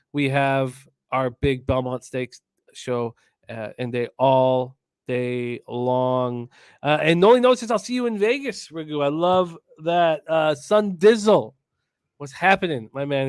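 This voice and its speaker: A man's voice: a little high, clear, resonant tone, no room sound. Upbeat man hosting, dry sound. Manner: upbeat, plugs shows, reads chat names. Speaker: host. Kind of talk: casual sports radio hosting.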